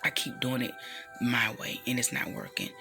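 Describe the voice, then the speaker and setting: A woman's voice: rumbling low, huge pitch swings, normal speed, vocal fry, over music. A woman in her thirties giving an earnest, emotional personal testimony, full of "you know" asides. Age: 30s. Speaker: speaker sharing a personal testimony.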